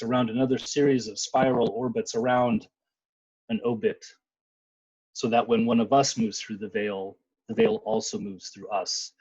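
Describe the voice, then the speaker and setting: Man performing spoken word, husky, muffled. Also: medium pitch, dry recording. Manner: dramatic, varied delivery with loud outbursts. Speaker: poet. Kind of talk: spoken word poetry reading. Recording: muffled lo-fi sound.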